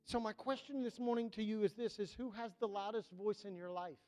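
A male pastor preaching a sermon, swinging between shouted repetitions and hushed asides. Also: high voice, brisk. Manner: impassioned preaching with rising, shouted repetitions and sudden hushed drops.

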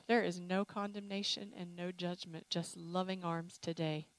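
A woman preaching a sermon with an altar call, emotional and animated, with playful acted asides. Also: medium pitch, normal speed, few pauses, dry recording, low-quality recording. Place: church sanctuary.

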